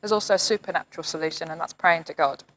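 A woman's voice: low voice, racing, fairly bright tone, rough recording. A woman giving an informal online sermon, reading psalms aloud in an earnest, encouraging way. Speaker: church leader.

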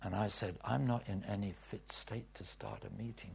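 A man preaching a testimony in a sermon, swinging from hushed whispers to loud cries. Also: lowish voice, steady tone, normal speed, gravelly, slight background noise. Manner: dramatic swings from whispers to shouts.

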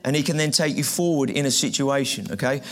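A man's voice: mid-range voice, quick pace. A man preaching a sermon to a live audience in a conversational way, repeating phrases and asking the room questions.

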